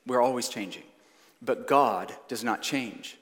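Male pastor, 30s, emphatic sermon delivery, mid pitch, long hall reverb. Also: fairly bright tone. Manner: earnest, emphatic preaching with slow stressed phrases. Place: church sanctuary.

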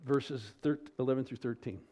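A pastor delivers an expository sermon at normal speed, posing rhetorical questions as his pitch and volume rise and fall.

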